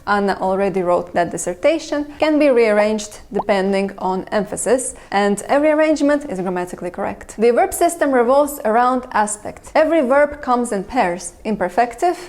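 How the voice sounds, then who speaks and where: A woman's voice: on the high side, expressive, darkish tone. Woman narrating a language lesson. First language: Russian. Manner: measured, explanatory, with dry humor. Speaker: language channel host. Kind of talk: scripted educational narration.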